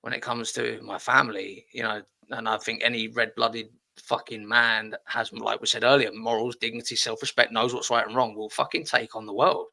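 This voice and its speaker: Blunt, gravelly-voiced man. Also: medium pitch, level tone, moderate pace, sharp tone. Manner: blunt, swears freely, repeats himself. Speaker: podcast host. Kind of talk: casual podcast chat.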